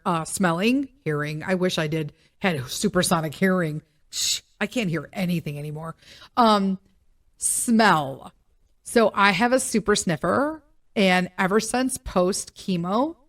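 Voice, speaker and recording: Woman podcast host, middle-aged, casual solo chat, lively and joking, voice a bit worn from illness. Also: medium pitch. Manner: chatty, animated and joking, with loud emphatic asides. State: recovering voice after being sick.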